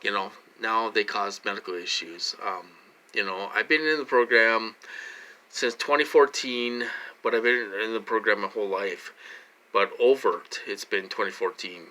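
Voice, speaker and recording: A lowish, bright, forceful voice with fairly even intonation and a moderate pace belongs to a vlogger speaking straight to his audience from his room. He rambles and repeats himself in a casual, filler-heavy monologue.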